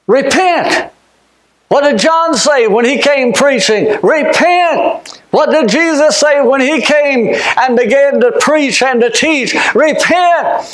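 A man preaching a fervent sermon. He shouts some points, drops to quiet asides for others, and often repeats or restarts his words. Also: extremely high pitch, takes it slowly. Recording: echoey room.

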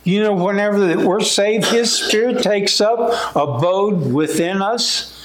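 In a folksy, conversational manner, a man preaches a sermon slowly and deliberately. His high voice rises whenever he quotes scripture, and the room rings with echo.

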